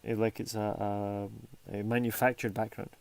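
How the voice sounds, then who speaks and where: A man's voice: lowish voice, flat delivery, moderate pace, a little mellow, clean tone. A man casually talking through his drawing process on a stream, rambling and interrupting himself, sometimes dropping to a near whisper. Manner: rambling, self-interrupting, chatty. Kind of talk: casual narration while drawing.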